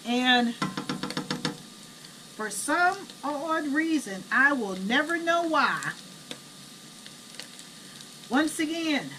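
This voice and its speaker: A middle-aged woman telling blunt, animated family stories while she cooks at home. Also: high-pitched, drawn-out words, long pauses. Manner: blunt, chatty, animated retelling. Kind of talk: casual storytelling while cooking. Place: home kitchen. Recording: distant camera mic, noisy kitchen.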